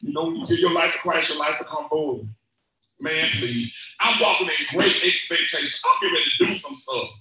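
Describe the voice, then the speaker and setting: A man preaching at a church teaching session, playful and joking, then rising to shouted exhortation. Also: a little high, very animated, fairly quick, heavy reverb, rough recording.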